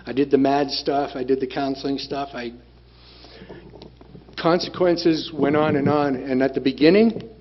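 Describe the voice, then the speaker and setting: A man's voice: medium pitch, moderate pace. A man sharing his recovery story at a group meeting, plain-spoken and blunt, repeating phrases for emphasis. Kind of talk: personal testimony talk. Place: meeting room. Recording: dull lo-fi room recording with faint noise.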